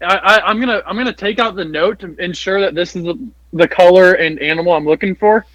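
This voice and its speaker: A man's voice: sits high, brisk, a bit bright, dry recording, low-quality recording. A man playing a horror tabletop game, hesitant and playful, often stammering. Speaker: player. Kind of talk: tabletop role-play.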